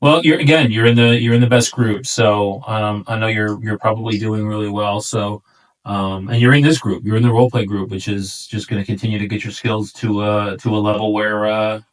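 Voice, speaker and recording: A middle-aged man with a New York accent, coaching a newer agent in a relaxed chat and acting out client talk along the way. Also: fairly quick, distant mic, low-quality recording. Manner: easygoing, acts out client lines in a higher voice. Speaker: real estate coach. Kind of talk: casual role-play coaching chat.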